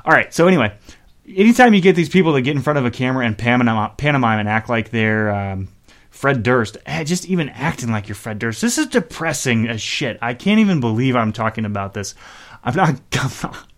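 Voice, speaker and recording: A man rambles his way through a song introduction with loose, profane, self-mocking chat. He sits at a middling pitch and keeps a relaxed, offhand show-host delivery. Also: fast talker. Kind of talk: casual chat introducing songs.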